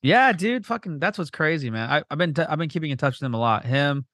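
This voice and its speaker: A man's voice: fairly high pitch, no echo, clean studio sound. A man hosting a podcast, chatting casually with a guest, swearing freely and acting out quotes as he tells stories. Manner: profane, animated, quick storytelling with voiced quotes. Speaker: podcast host. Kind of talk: casual chat.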